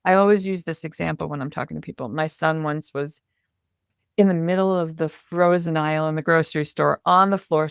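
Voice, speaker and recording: A woman guest on a podcast, a communication coach talking in an animated, expressive way and acting out her inner self-talk. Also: deep voice, gravelly, no room sound, studio quality. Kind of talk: conversational interview.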